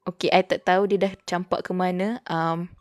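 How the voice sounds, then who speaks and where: A woman's voice: lowish voice, flat delivery, a little fast, no echo. A young woman with a Malaysian accent, chatting casually and giggling on a livestream as she studies, switching between languages mid-sentence. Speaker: VTuber streamer. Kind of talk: casual livestream chat while studying.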